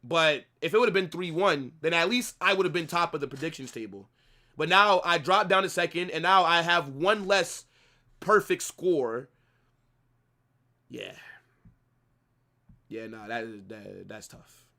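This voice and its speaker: A man's voice: fairly high pitch, expressive, unhurried, long pauses, bright, forceful tone. A young man hosting a live football watch-along, ranting at his viewers with heavy profanity and lots of repetition. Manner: profane, ranting, repeats himself.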